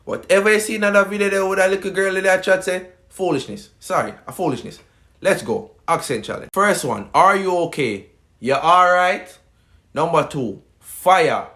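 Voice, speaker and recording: A man's voice: sits high, expressive, measured pace, a bit bright. A Jamaican man doing a playful, emphatic accent challenge, scolding others. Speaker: tiktok creator.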